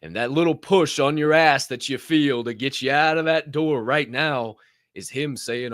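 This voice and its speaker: A young man speaking at normal speed co-hosts a podcast with a profane, animated motivational monologue. He moves between loud outbursts and low muttered asides, and the studio-quality audio has no echo.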